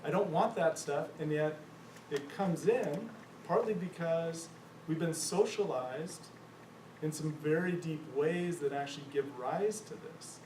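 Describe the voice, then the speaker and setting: A man leading a church discussion group, thoughtful and searching, with many pauses and fillers. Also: fairly high pitch, mellow, a little hiss or hum. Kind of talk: church adult forum discussion. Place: church meeting room. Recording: echoey room mic from far off.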